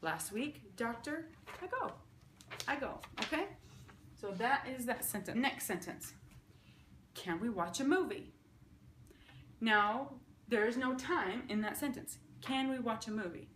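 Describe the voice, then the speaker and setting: A woman's voice: a little high, unhurried. Upbeat woman teaching in an echoey room. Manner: upbeat, explains step by step, often checks with "okay?". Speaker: sign language teacher. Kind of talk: casual teaching at a whiteboard. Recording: echoey room, faint background noise.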